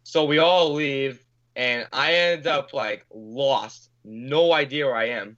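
A man's voice: mid-range voice, slow pace, a bit bright, dull audio. A man telling a long anecdote in casual podcast chat, rambling with many fillers, swearing and acting out what people said. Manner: rambling, filler-heavy, swears, acts out quotes. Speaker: podcast guest. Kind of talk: casual storytelling.

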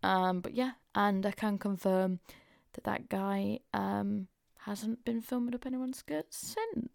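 A woman's voice: medium pitch, measured pace, creaky, a little mellow, no room sound, clean studio sound. A young woman hosting a podcast, chatting frankly and openly with lots of casual fillers. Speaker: podcast host. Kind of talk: casual confessional chat.

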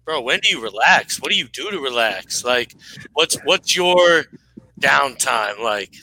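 Co-host, slow and casual, very bright tense timbre. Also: male voice, medium pitch, lively intonation, low-quality recording. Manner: friendly, casual, says "bro" and "man". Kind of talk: casual interview chat.

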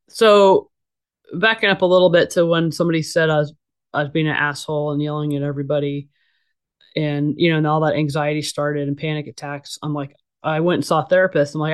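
A woman's voice: low voice, fairly even intonation, a little fast, clean tone. A middle-aged woman talking candidly as an interview guest. She is blunt and casual, with frequent fillers and restarts. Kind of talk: candid conversational storytelling.

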